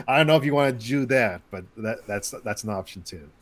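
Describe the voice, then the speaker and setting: A man's voice: medium pitch, expressive, normal speed. A man running a tabletop game as game master, loose and rambling with many restarts.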